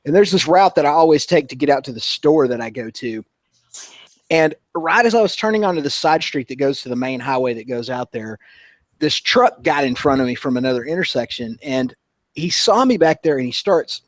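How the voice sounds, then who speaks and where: A man's voice: medium pitch, animated, a little fast, no room sound. A man co-hosting a casual motorcycle chat, telling a long story in an easygoing way. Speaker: motovlogger co-host.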